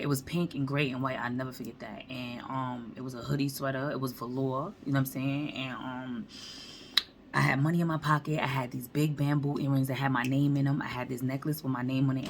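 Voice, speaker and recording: A woman vlogger telling a storytime monologue in slangy, animated talk, acting out the quotes. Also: very deep voice, slight background noise.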